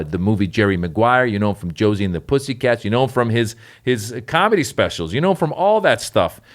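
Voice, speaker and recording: A middle-aged man hosting a comedy podcast, talking in an upbeat, chatty, joking way. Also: medium pitch. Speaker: podcast host. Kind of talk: casual comedy podcast chat.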